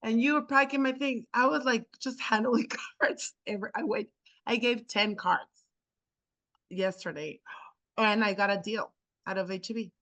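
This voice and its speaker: A real estate agent, a woman who is not a native English speaker, telling a story to a class in an animated way, acting out dialogue and often restarting her sentences. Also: medium pitch, normal speed, pauses often.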